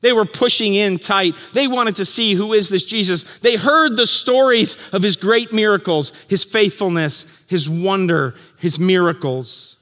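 A pastor with a high, bright voice preaches from the pulpit at a measured pace with few pauses. He tells the story vividly, acting out its characters and hushing his voice for the key lines, while the church hall adds a long reverb.

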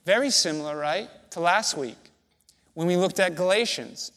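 A man preaching a sermon as pastor, slow and deliberate, with emphatic pauses between phrases. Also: sits high, a bit bright.

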